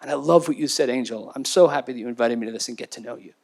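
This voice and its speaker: A man's voice: mid-range voice, rapid-fire, gravelly, a little mellow. A man speaking as a panelist, talking intensely and emphatically in a university lecture theater. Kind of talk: impassioned panel talk.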